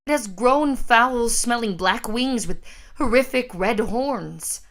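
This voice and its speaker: A woman's voice: on the high side, lively intonation, slow, a bit bright, heavily acted. A woman reading the part of a frightened nun in her sixties, giving grave, urgent warnings. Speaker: actor in a scene reading. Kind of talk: staged script reading.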